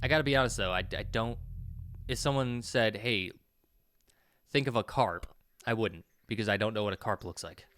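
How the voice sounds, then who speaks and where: A man's voice: fairly low pitch, fast talker, a bit bright, clean tone, dry recording. A man giving casual, joking commentary while playing a game. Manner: rambling, joking asides. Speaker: let's player.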